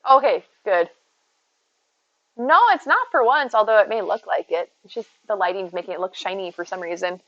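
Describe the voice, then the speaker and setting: A woman's voice: medium pitch, lively intonation, normal speed, a bit bright, no echo, lo-fi sound. A woman streaming from home, chatting casually and rambling to her viewers, reading and answering their messages by name. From United States. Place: home, indoors.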